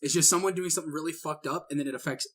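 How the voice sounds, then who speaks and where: A young man in a casual group chat, profane and quick with wisecracks. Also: a little high, steady tone, a bit bright, husky. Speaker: podcast co-host.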